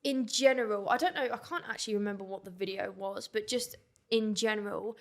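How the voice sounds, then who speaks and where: A woman's voice: mid-range voice, a little fast. A woman, chatting casually as a podcast guest. She laughs easily and often trails off mid-sentence. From England. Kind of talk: casual chat.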